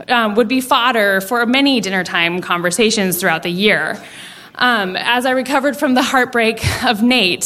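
A young woman telling a personal story at a live story slam, animated and laughing as she acts out the voices of the people in it. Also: a little high. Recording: live event with audience and some noise. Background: audience.

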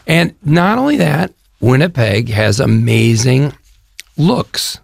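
In a clean studio recording with no room sound, an older Chicago-area actor from the US Midwest speaks slowly in a mid-range, creaky, sing-song voice. He's a guest in a promotional interview and rambles on enthusiastically with stories.

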